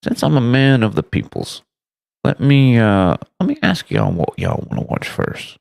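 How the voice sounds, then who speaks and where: A man hosting a casual live stream, loudly greeting his chat with rambling, profane, self-mocking asides. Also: sing-song, normal speed, creaky, clear, resonant tone. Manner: greets chat loudly with big swooping pitch jumps. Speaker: livestream host.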